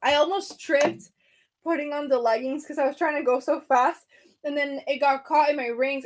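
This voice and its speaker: Young woman, high voice, breathless, chatty book livestreamer at home. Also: fairly even intonation, normal speed. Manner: breathless, chatty, many fillers and restarts. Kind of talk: casual livestream chat. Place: home room by her bookshelves.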